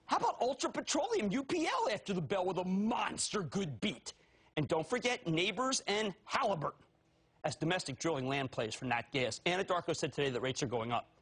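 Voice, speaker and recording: Man, TV stock-show host, manic, theatrical, husky, high voice, swooping pitch. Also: big pitch swings, fairly quick. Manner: loud, manic and theatrical, shouting with big pitch swings. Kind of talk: excitable TV stock commentary.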